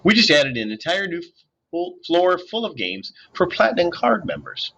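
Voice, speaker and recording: A man's voice: sits high, big pitch swings, moderate pace, sharp tone, dull audio, slight background noise, pitched above the performer's own voice, full character voice. A man voicing a coaxing, fawning casino bellhop in an audiobook reading. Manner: coaxing, salesman-like.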